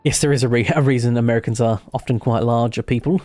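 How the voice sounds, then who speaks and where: A man's voice: medium pitch, steady tone, fast, warm tone, no room sound. Rambling man streaming a game. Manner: rambling, chatty, self-interrupting. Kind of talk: casual live gameplay chat.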